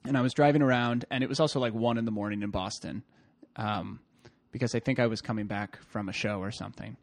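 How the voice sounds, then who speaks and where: A young man co-hosting a podcast, telling a story in casual chat with joking, deadpan asides. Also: fairly low pitch, fast, no room sound. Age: young adult. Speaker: podcast co-host.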